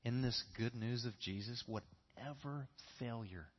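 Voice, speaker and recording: A man's voice: mid-range voice, a little slow, muffled recording. A man preaching a sermon in a church, earnest and repeating key phrases for emphasis. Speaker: pastor.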